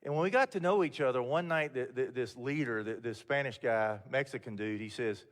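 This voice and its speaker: A man's voice: medium pitch, brisk, few pauses. An older man speaking as guest speaker at a mentoring event, telling stories in a candid, folksy way with frequent restarts. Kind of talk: motivational talk to mentors. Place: event hall. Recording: long hall reverb.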